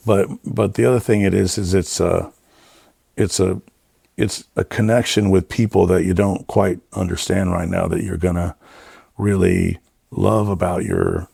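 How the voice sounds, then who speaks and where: A man's voice: sits low, steady tone, measured pace, vocal fry, husky, no room sound, clean studio sound. A middle-aged man, a production designer, chatting as a guest and telling rambling stories full of fillers. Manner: rambling, warm storytelling with many fillers. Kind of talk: casual interview chat.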